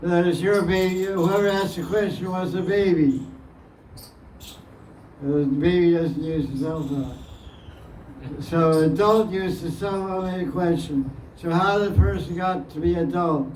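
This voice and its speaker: A man with a high voice teaches slowly, repeating his phrases and chuckling as he answers devotees' questions. He sounds set back from the mic in an echoey room with a faint hiss behind him. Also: a little mellow, distant mic. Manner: plain-spoken, repeats phrases, chuckles often. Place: indoor gathering room.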